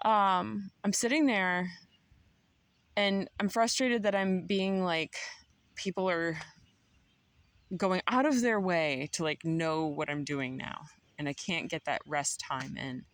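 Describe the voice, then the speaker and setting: A woman's voice: lowish voice, slow pace, no room sound. A woman, telling a personal story to her viewers in a casual vlog, laughing often and getting emotional. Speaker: vlogger.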